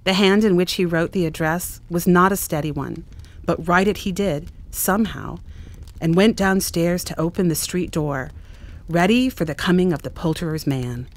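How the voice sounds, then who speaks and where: A woman's voice: on the low side, normal speed. A woman narrating a classic story expressively in a dramatic reading at a church event. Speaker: reader.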